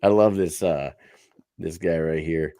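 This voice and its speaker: A man's voice: sits low, unhurried, mellow, dry recording. A man co-hosting a podcast, chatting casually with laughs and swearing. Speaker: podcast co-host. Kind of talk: casual chat.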